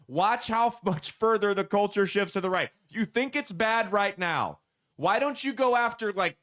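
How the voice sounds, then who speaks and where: A man's voice: sits high, fairly bright tone. A man hosting political commentary, ranting with sarcastic, profane, heated delivery.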